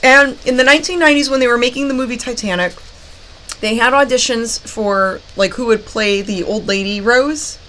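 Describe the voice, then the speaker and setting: Chatty female late-night movie host with a slightly high voice and faint background noise. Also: moderate pace, pushed and bright, rough recording. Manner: chatty, giggly, reads trivia notes. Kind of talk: live-stream chat with movie trivia.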